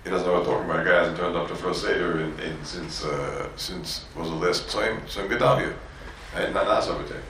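A rabbi from Borough Park, New York teaches a Torah class to yeshiva students, repeating words, acting out quotes, and sprinkling in Yiddish and Hebrew terms. His low, steady, slightly bright voice runs a little fast, recorded roughly from a distance with heavy reverb and some hiss or hum.

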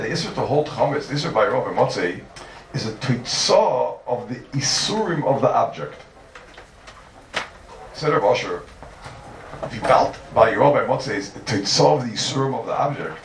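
A man teaching a Talmud class, driving home each point by restating it with energy. He sounds set back from the microphone, and his voice rings around the room. A faint hiss of noise sits underneath. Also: mid-range voice. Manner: animated, repeating points for emphasis. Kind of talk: Talmudic lecture. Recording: echoey room, distant mic, faint noise.

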